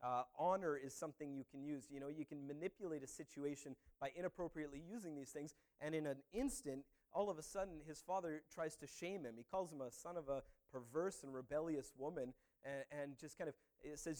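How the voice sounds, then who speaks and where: A man's voice: on the high side, fairly quick, few pauses, darkish tone. A man preaching a sermon as a pastor, talking in a conversational way with many "you know"s and "uh"s.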